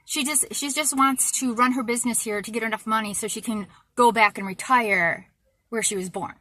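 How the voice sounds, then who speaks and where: A woman vlogger from the United States delivers an exasperated, indignant rant, hammering her points with repetition. Her voice sits a touch high and sounds sharp and bright. The sound is dry and close, with no room echo. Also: steady tone, normal speed. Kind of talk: ranting monologue.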